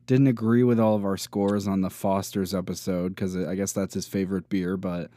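Low-key man with a mellow voice. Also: little pitch movement, moderate pace, dry recording, studio quality. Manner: low-key, hesitant, many ums. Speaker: podcast co-host. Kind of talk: casual chat.

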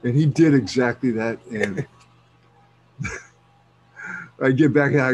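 A man's voice: medium pitch, unhurried, long pauses, breathy edge, poor audio. A middle-aged man chatting casually, telling stories with lots of swearing and laughter. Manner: animated storyteller, swears freely, laughs often. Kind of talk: casual chat.

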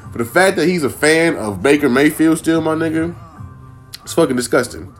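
A man's voice: fairly high pitch, normal speed, soft background music. A man from Minnesota hosting a casual solo podcast from home, loose, profane, rambling and joking. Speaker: podcast host.

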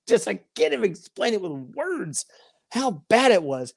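A woman's voice: medium pitch, big pitch swings, a little slow, gravelly, husky, no room sound, clean studio sound. A woman co-hosting a casual sports chat, ranting and mocking rival fans. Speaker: podcast co-host.

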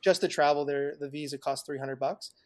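A man's voice: on the high side, fairly even intonation, brisk, over a noisy crowd. A man telling travel stories as a guest on a podcast, chatty and loose, laughing often, with lots of fillers and restarts. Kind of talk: casual interview chat.

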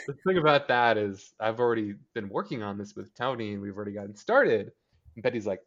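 Podcast co-host, male, lowish voice, chatty and sarcastic, dull lo-fi sound. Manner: chatty, sarcastic, acts out characters' lines in quick impressions. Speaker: podcast co-host recapping a TV episode. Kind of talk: casual chat.

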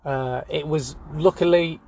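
A man hosting a spoof news segment, rambling deadpan with many fillers. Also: a little high, unhurried. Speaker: comedy news host.

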